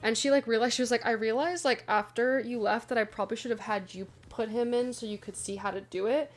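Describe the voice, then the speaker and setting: A young adult woman casually chatting to her viewers, telling a funny story with lively asides. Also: fairly high pitch, fast. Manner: chatty, animated retelling with asides. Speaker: vlogger.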